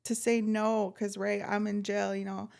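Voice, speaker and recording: A woman hosting a podcast who speaks in a heartfelt, halting way with many fillers. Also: medium pitch, little pitch movement, vocal fry, darkish tone. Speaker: podcast host. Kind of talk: casual interview chat.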